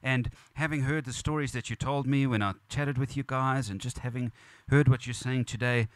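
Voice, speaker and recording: A man's voice: mid-range voice, steady tone, normal speed, no room sound. A man preaching at a funeral as pastor, earnest and repetitive, building emphasis. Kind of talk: funeral sermon. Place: church or funeral venue.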